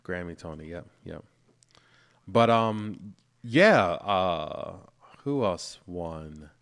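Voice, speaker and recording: Laid-back low-voiced man podcast co-host. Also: extremely slow, no echo, studio quality. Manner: relaxed, rambling, many fillers and restarts. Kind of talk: casual chat.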